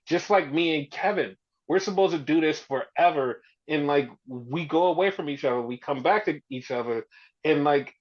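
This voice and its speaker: A man co-hosting a podcast, casually recapping wrestling and acting out quotes with big leaps in his voice. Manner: animated storytelling, heavy swearing, acts out quotes with big pitch jumps. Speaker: podcast co-host. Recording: dull lo-fi sound.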